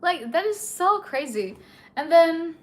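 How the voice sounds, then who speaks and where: A young woman with a high, bright speaking voice recounts a personal story straight to camera. She talks in a chatty, indignant rush, with vowels and a steady stream of "like" between her words. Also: takes it slowly. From India. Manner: chatty, indignant, heavy use of filler "like". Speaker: vlogger. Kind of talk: casual storytime monologue.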